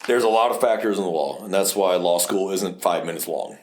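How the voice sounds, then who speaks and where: A man from South Texas with a fairly low voice, co-hosting a casual podcast as a police officer. He talks bluntly and swears freely, telling courtroom stories with animated energy. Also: a little fast. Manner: blunt and profane, with animated storytelling.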